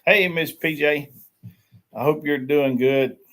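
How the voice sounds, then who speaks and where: A man's voice: on the high side, slow, fairly bright tone. A man hosting a casual morning chat livestream from a small shed, greeting viewers by name and laughing often. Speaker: livestream host. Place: small shed used as a tiny house.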